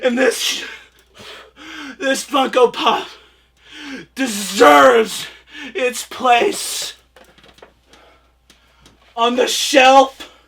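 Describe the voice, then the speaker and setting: Overwrought bright-voiced reviewer, tearful shouting. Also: high voice, extremely slow, creaky, long pauses. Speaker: reviewer hosting own channel. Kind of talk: comedic over-the-top product review.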